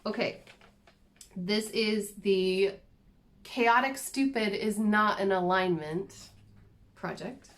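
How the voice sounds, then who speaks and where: A woman's voice: medium pitch, takes it slowly, pauses often. A woman chatting casually and self-deprecatingly as she shows her cross-stitch projects to the camera. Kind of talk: casual show-and-tell chat.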